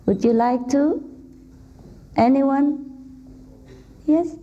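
This woman's voice is high and warm, and she speaks extremely slowly. She delivers a relaxed spiritual talk to a live crowd seated in an indoor hall, frequently laughing, cracking jokes and chatting with those around her. The audio is dull and lo-fi.

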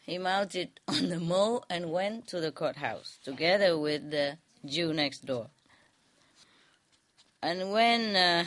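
Slow-spoken woman telling a folk tale. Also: on the low side, fairly bright tone. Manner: chuckles often, loose conversational grammar. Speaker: storyteller.

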